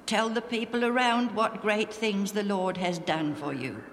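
A woman's voice: mid-range voice, slight background noise, voice pushed up, close to an everyday voice. Woman doing a kindly, earnest older man. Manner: slow, earnest, gently chuckling. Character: kindly, cheerful man, healed and grateful. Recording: music playing underneath.

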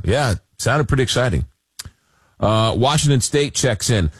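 A man hosting a late-night call-in radio show, reading listener messages aloud and answering callers, halting often with fillers. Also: on the low side, big pitch swings, no room sound. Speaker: radio talk show host. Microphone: studio microphone.

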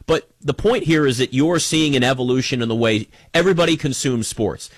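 A man's voice: mid-range voice, fairly quick, no room sound. Emphatic man riffing on sports media. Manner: conversational, emphatic, animated, addresses listener directly. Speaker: sports talk show host. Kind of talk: casual opinion monologue.

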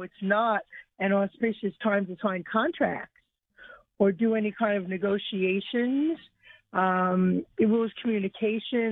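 A woman's voice: medium pitch, no echo. Woman caller on a tinny phone line. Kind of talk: call-in to radio show.

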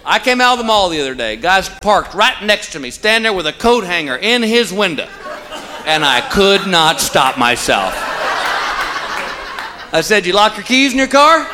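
A high-voiced stand-up comedian does a folksy storytelling routine at normal speed with lively intonation, drawling out his punchlines. It's a live show with a loud audience and a noisy background.

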